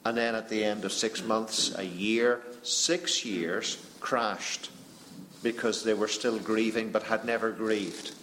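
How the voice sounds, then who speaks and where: A man leads a panel discussion in a reflective, earnest way, pausing and restarting as he thinks. His voice sits on the low side, with faint noise behind. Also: fairly even intonation, fairly bright tone. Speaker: panel moderator.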